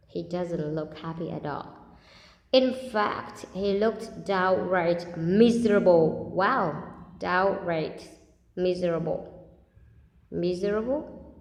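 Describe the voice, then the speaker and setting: A woman who reads a children's story aloud and patiently stops to explain new words. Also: medium pitch. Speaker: English teacher. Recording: echoey room with long reverb.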